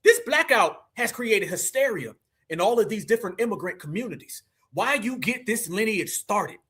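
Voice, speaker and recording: A man's voice: sits high, big pitch swings, normal speed, bright, forceful tone, slightly rough. A man from the United States hosting a livestream, talking emphatically and repetitively and preaching straight to his audience. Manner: emphatic and repetitive, calls listeners "fam"; preachy, addresses the audience directly. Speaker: livestream host. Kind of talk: livestream commentary.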